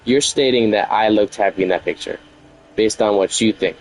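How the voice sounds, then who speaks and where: Guy on stream ranting about a fight, lowish voice, rambly and aggrieved, keeps repeating himself. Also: normal speed, low-quality recording. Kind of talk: venting to stream about a relationship argument.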